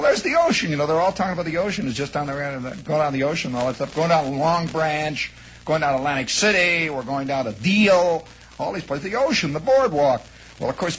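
High-pitched midwest guy telling a wild story, all worked up, doing the voices, bit of hiss behind. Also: rough recording. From American Midwest. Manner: animated, rambling, acts out shouts and quotes. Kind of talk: spoken anecdote, radio monologue.

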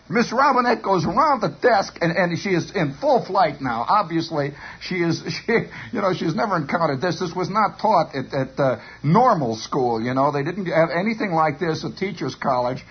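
A man telling a long rambling story on the radio, animated and stammering, on a dull lo-fi broadcast. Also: sits high, slightly rough. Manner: animated, stammering repetitions, chuckling.

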